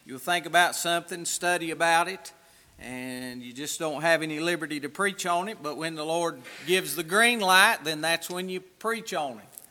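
A man's voice: on the high side, normal speed, bright, forceful tone, in a large hall. A man preaching a sermon as pastor, reading scripture aloud in a raised, emphatic voice.

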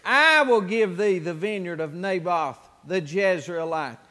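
A man's voice: high voice, lively intonation, unhurried, sharp tone, big-room sound. A man preaching a sermon as pastor, reading scripture aloud in a raised, emphatic voice.

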